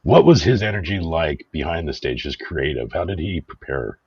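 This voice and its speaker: A man hosting an interview, asking admiring questions in a lively way. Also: very deep voice, normal speed, slightly rough. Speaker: host. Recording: dull distant mic with faint noise.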